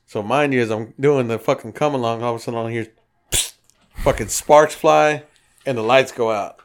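This co-host speaks at a medium pitch and moderate pace, relating a story on a relaxed podcast. Cursing freely, he brings the quoted lines to life with animated acting.

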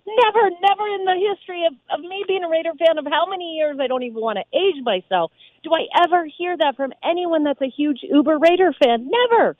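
Animated woman on a tinny phone line. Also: high voice, brisk, no room sound. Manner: emphatic, animated storytelling. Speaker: radio DJ guest. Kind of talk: sports radio interview.

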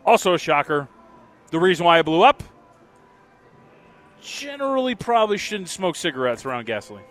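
Excitable, jokey sports radio co-host. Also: male voice, sits high, normal speed, soft background music. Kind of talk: casual sports talk.

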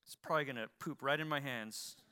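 A man's voice: mid-range voice, fast, pushed and bright, clean tone. A middle-aged male pastor preaching a sermon, building emphasis and asking his listeners rhetorical questions.

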